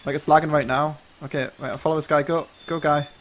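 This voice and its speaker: Male streamer, nervous joking patter, slightly high voice, headset mic, noisy game-chat audio. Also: level tone, fast. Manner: nervous, pleading, joking chatter.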